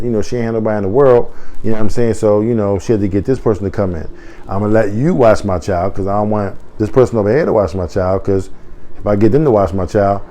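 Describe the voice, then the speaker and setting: A man's voice: on the low side, warm tone. A man in casual video commentary, talking in a conversational way full of "you know what I'm saying" and heated rhetorical questions. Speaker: commentator on a news story.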